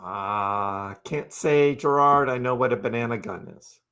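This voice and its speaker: A man of ordinary pitch hosts a casual crypto live stream. He talks in a loose, chatty way, reads out viewer comments and answers them by name. He laughs often and keeps the tone easygoing. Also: unhurried, sharp tone, clean tone.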